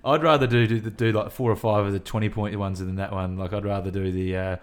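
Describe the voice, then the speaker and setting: Low-voiced Australian man, dry quips. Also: steady tone, brisk, clean tone. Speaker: podcast co-host. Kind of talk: casual chat.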